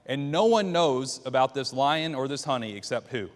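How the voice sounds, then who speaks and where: In a church classroom, a man teaches a Bible class, guiding listeners through the story by quizzing them with questions. His medium-pitched voice is animated and moderately paced, with a long reverb tail.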